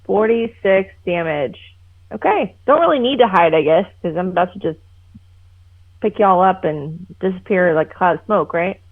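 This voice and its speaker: A woman plays a tabletop game over a call, chatty and apologetic, her lowish, expressive voice at normal speed. Her headset makes it sound muffled and phone-like.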